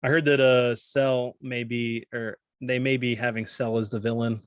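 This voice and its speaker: A man's voice: mid-range voice, flat delivery, moderate pace, smooth, dry recording, clean studio sound. A man hosting a casual podcast chat, joking around and tripping over his words. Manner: stumbles over words, jokey. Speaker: podcast host.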